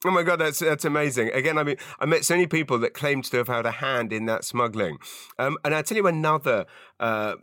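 Male podcast host, eager, stumbles over repeats, bright voice, dry close sound. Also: mid-range voice, brisk, no echo. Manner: enthusiastic, repeats words, laughs often. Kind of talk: interview questions.

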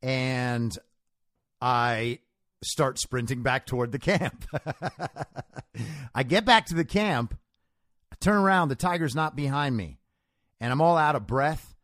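Lively, animated male show host. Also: mid-range voice, a little slow, no echo, clean studio sound. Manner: conversational, storytelling, emphatic. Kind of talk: solo commentary monologue.

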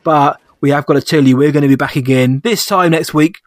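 A man's voice: a little high, a little fast. A man co-hosting a podcast in casual, enthusiastic chat, often laughing. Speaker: podcast co-host.

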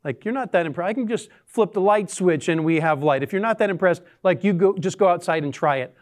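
A man preaching a sermon, reading scripture and telling jokes in an animated, dramatic way. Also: high voice, fairly quick. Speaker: pastor.

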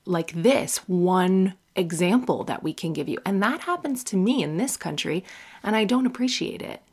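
A woman's voice: medium pitch, expressive, normal speed, darkish tone, breathy edge. A woman stand-up comedian talking candidly and bluntly, swearing freely and mocking men in exaggerated put-on voices.

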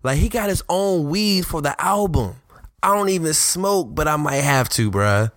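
A man's voice: fairly high pitch, expressive, normal speed, a bit bright, no echo, clean studio sound. A man co-hosting a podcast, talking casually and enthusiastically about rap albums in slangy speech. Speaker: podcast co-host. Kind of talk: casual hip-hop talk.

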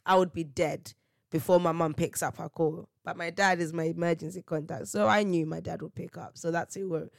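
A woman chats through a casual solo podcast, spinning slangy anecdotes with lots of laughter. She acts out what people said in her stories. Her voice sits on the lower side for a woman and is recorded dry and close. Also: fairly quick, gravelly, no room sound. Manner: animated storytelling, slangy, laughs often, acts out quotes. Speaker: podcast host.

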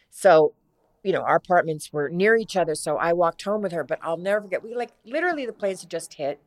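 A middle-aged actress, a guest, telling a long story in a casual interview, rambling and halting with many restarts. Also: female voice, low voice, animated.

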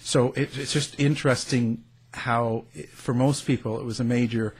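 A man with a Canadian accent hosts a relaxed interview, circling his points with fillers and asides. His voice has a husky, slightly breathy grain. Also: medium pitch. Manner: rambling, filler-heavy, quick to laugh. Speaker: show host. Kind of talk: casual interview chat.

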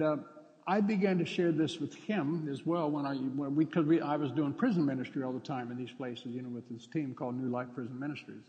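A man preaching a sermon, telling stories and acting out dialogue with sudden loud outbursts. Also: a little high, big-room sound, highs cut off. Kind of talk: sermon with storytelling.

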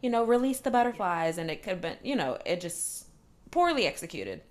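A woman's voice: lowish voice, huge pitch swings, a little fast. Chatty woman acting out quips. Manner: chatty, acts out little quoted lines. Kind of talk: casual chat about reality TV.

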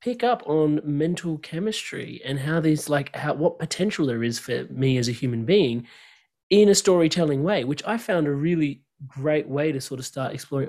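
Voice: medium pitch, lively intonation, normal speed, darkish tone. Reflective podcast host. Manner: reflective, thinks aloud with hedges. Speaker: interview host. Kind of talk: casual interview chat.

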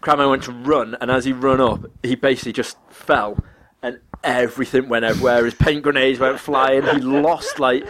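A man's voice: mid-range voice, fairly even intonation, moderate pace, few pauses, a bit bright, slight background noise. Man telling a rambling story. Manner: rambling, laughing often, acts out quoted voices. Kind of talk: casual anecdote.

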